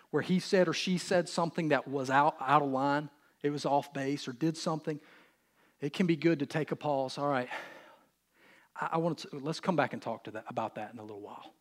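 Earnest preaching man, fairly high voice. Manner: earnest, animated, addresses the congregation directly. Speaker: pastor. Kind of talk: sermon.

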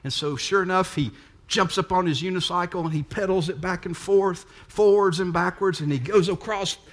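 A man's voice: sits high, normal speed. A man preaching a sermon, full of rhetorical questions to the congregation. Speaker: pastor.

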